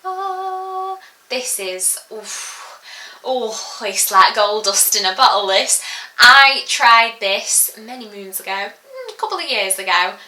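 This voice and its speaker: A young woman chatting casually through a haul video, rambling and filling pauses as she goes. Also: medium pitch, pushed and bright. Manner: chatty and rambling, full of giggles and fillers. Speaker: beauty vlogger. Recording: echoey room.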